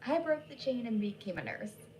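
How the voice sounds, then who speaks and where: A woman's voice: on the high side, very animated, normal speed, mellow, slight background noise, low-quality recording. A woman reading as a gushing, flustered thirties nurse. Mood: chatty. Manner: gushing, apologetic, nervous laughs.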